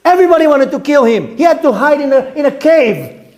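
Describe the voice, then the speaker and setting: A man preaching as a rabbi, fiery and rebuking, repeating words for emphasis and swinging between shouts and hushed tones. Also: very high voice, lively intonation, brisk. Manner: repeats words for emphasis, asks rhetorical questions. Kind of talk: impassioned sermon.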